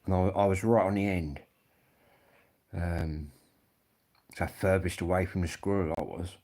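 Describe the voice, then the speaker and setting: A man's voice: sits low, steady tone, measured pace, a little mellow. A man, rambling and swearing freely as he chats casually to viewers on a live stream. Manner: rambling, swearing, blokey storytelling.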